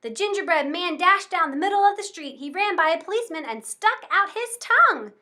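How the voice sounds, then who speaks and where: A woman reading a children's fairy tale aloud with expressive, rhythmic storytelling. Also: very high-pitched, fairly quick.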